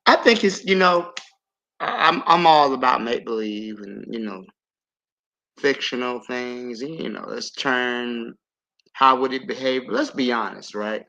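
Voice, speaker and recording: A man speaks on a livestream podcast panel with a gravelly, forceful edge. He works through his point patiently and earnestly, with a lecturing tone. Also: medium pitch, unhurried, dull audio. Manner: earnest, lecturing, building arguments with asides. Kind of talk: casual podcast discussion.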